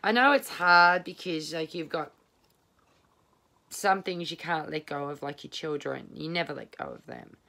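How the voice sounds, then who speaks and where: A woman's voice: low voice, big pitch swings, normal speed, gravelly, pushed and bright. A woman giving a casual tarot reading at home, rambling, candid and blunt, swearing freely. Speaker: tarot reader. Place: home, at a small table.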